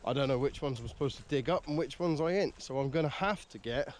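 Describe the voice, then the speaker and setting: A man's voice: mid-range voice, fast, slight background noise. A man vlogging casually, chatty and self-mocking, from in and around a camper van. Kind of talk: casual vlog talk to camera.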